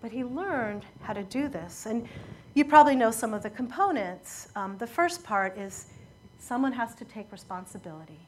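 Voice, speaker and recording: A woman preaching a sermon, telling a story in an earnest, measured way that often falls quiet at emotional moments. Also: a little high, animated.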